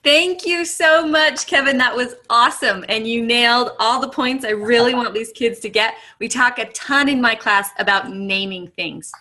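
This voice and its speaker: Bright, upbeat woman teacher. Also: fairly high pitch, normal speed, hardly any pauses. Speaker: teacher hosting a guest. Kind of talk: class talk to students.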